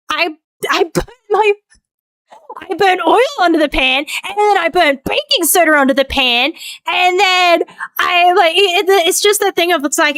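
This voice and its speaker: A high-pitched woman streamer talks casually at the end of a stream. She rambles and vents with frequent swearing, and thanks her viewers. The sound is dry, with no room echo. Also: fairly bright tone. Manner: rambling, venting, swears freely.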